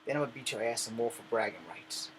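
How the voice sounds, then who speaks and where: A man voicing a menacing young male street tough who boasts and threatens, quieter and lower than his own telling. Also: fast, slight background noise, natural voice, low-quality recording.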